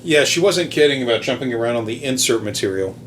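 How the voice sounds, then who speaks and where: A man hosting a podcast, calmly and methodically explaining study findings. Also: mid-range voice, slight background noise. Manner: measured, methodical fact-checking. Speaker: podcast host. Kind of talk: explanatory commentary.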